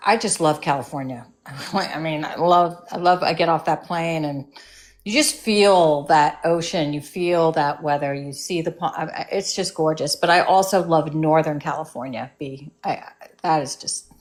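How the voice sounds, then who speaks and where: A woman's voice: low-pitched, moderate pace. A middle-aged woman in a casual online discussion, talking hesitantly and often checking whether she has it right. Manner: hesitant, often asks for confirmation. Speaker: debate participant.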